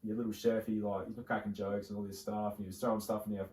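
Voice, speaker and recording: Rambling Australian bloke, roomy distant sound. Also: male voice, fairly low pitch, little pitch movement, quick pace, a little mellow. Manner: rambling storyteller, many fillers and restarts. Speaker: podcast co-host. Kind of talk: casual chat.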